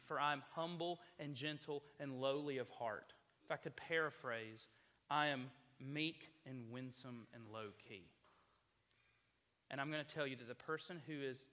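Male pastor, sermon delivery, impassioned rhetorical questions; bright voice, long hall reverb. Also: mid-range voice.

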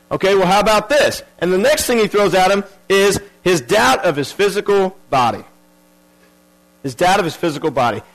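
A man's voice: a little high, poor audio. A man preaching a sermon earnestly, repeating key phrases and restarting his sentences.

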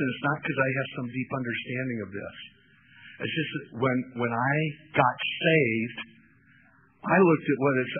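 Hoarse preaching man on a tinny line. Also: mid-range voice. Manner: impassioned, stretches key words. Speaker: pastor. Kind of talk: sermon.

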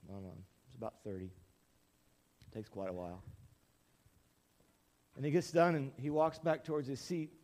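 A male pastor in his forties preaching a storytelling sermon in a church, acting out quotes as he goes. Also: mid-range voice. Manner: animated storytelling, acts out quotes.

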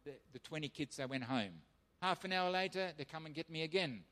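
A man preaching as a missionary pastor, telling his testimony as an animated storyteller who acts out the voices of others. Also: a little high, fairly quick. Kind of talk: sermon testimony. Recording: long hall reverb.

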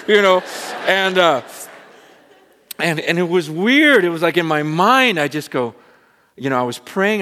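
A fairly high-voiced man in his forties preaching a story-driven sermon to a congregation. He tells it with animated energy, then drops into hushed, prayerful reflection. His voice carries the long, lingering reverb of a large church hall. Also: normal speed. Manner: animated storyteller, swinging between excited and hushed prayerful tones. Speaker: pastor.

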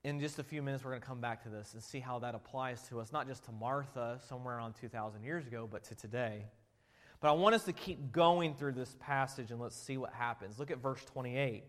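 A man preaching a sermon as pastor, shifting between loud emphatic passages and quiet storytelling. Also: medium pitch, brisk. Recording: long hall reverb.

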